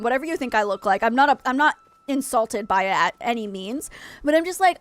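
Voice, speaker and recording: A woman streaming and chatting casually with her viewers, frank and quick to vent. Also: on the high side, expressive, no echo. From United States.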